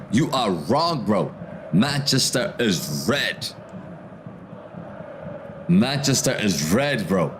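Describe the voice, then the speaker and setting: Hosting a football watchalong stream, this mid-range-voiced man reads out viewers' comments, responds to them, and reacts to what's happening in the match. His style is laid-back and slangy, dropping "bro" often, with background noise behind him. The talk is casual live commentary and chat reading.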